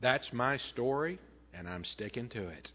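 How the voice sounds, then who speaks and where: A man preaching a sermon as pastor, earnest, building up loud and then dropping soft. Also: medium pitch, animated, normal speed, husky. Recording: tinny phone-like band.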